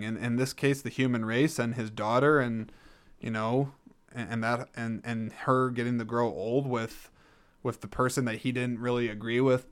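A man talks through a film review on his own show in an easy, joking way, wandering off track and correcting himself. His voice is smooth and clean, sitting at an ordinary middle pitch. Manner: rambling, jokey, self-correcting. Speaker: podcast host reviewing a film. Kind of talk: casual solo film review.

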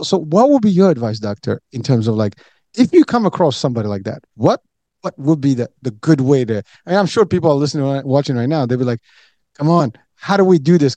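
The man hosting this interview has a dark tone and medium pitch, recorded dry. He poses long questions that wander, stuffed with fillers and frequent restarts.

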